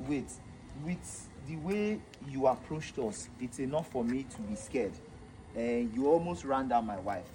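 A man's voice: medium pitch, animated, a little slow, mellow, a little hiss or hum, natural voice, rough recording. A man playing an anxious husband, pleading and repeating himself. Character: anxious husband trying to calm his wife. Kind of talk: skit drama acting.

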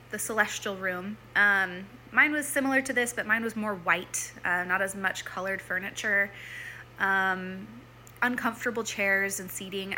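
A woman's voice: mid-range voice, sharp tone, slight background noise. A young woman telling a personal story in a chatty way, full of "like" and "um", often acting out her own past thoughts. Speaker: former church member telling her story.

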